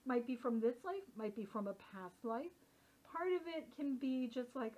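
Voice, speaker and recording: A woman leading a workshop, talking in a chatty, animated way full of casual fillers. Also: a little high, normal speed. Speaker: workshop leader. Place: workshop room. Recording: dull lo-fi recording.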